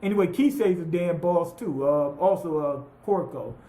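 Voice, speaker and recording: Male anime reviewer, high voice, loose profane recap, roomy echo. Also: moderate pace. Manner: profane, rambling, animated retelling with quoted voices. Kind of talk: casual recap monologue.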